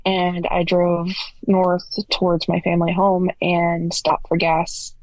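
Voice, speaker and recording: A woman's voice: fairly low pitch, completely flat delivery, takes it slowly, darkish tone, dry recording, low-quality recording. A woman in her forties from Canada, a podcast guest earnestly recounting her story in detail. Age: 40s. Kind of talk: storytelling interview answers.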